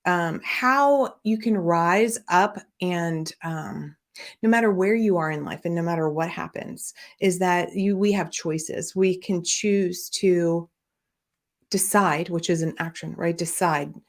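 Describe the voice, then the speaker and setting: A middle-aged woman who hosts a podcast and works as a business coach tells a personal story candidly and ramblingly, full of fillers and restarts. Her voice is lowish and her pace measured.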